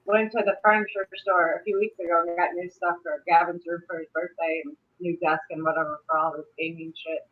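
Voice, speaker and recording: A middle-aged woman hosting a casual live stream, chatty and quick to laugh. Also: fairly low pitch. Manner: laughs often, chatty and animated. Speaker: livestream host. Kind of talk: casual chat. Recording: dull lo-fi stream audio.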